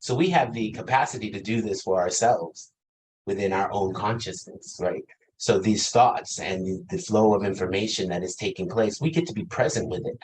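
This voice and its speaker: A man's voice: fairly low pitch, normal speed, darkish tone, low-quality recording. A man in his fifties preaching a reflective sermon, asking the congregation questions and laughing lightly between thoughts. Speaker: pastor.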